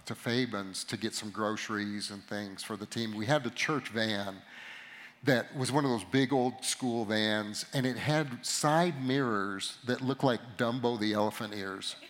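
A middle-aged man giving a sermon to a live audience, telling a story about himself with animated, self-mocking humor. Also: mid-range voice, a little slow. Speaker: pastor or conference speaker.

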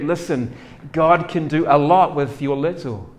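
A male pastor delivering a sermon in an animated, conversational way. His voice sits a little high for a man, and he moves from soft, thoughtful asides to bursts of louder, acted-out dialogue. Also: normal speed. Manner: animated, acts out characters' doubts with dramatic swings in loudness.

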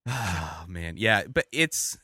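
A man's voice: sits low, very animated, takes it slowly, sharp tone, no echo, studio quality. A man in a casual chat, rambling with fillers and frequent swearing.

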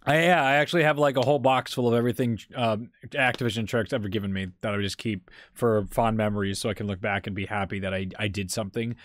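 A man co-hosting a podcast, telling a long story in a rambling, animated way. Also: on the low side, fast talker, few pauses, a little hiss or hum. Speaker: podcast co-host. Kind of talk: casual chat, storytelling.

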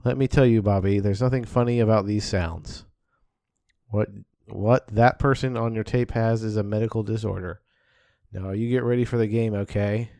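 A man's voice: lowish voice, fairly even intonation, moderate pace, vocal fry, warm tone, no room sound. A man voicing a stern middle-aged cartoon father, blunt and lecturing. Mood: disgusted. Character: stern middle-aged male propane-dealer dad.

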